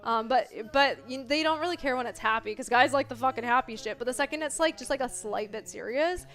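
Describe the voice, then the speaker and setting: A young woman chatting casually on a live stream, expressive and full of filler words, jumping between loud bursts and mellow talk. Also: high-pitched, fairly quick, soft background music. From Italian family background.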